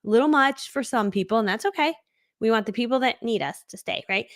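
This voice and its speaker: A middle-aged woman teaching an online course live, talking fast and animated in a chatty style full of "like" and quick asides. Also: fairly high pitch, dry recording, clean studio sound.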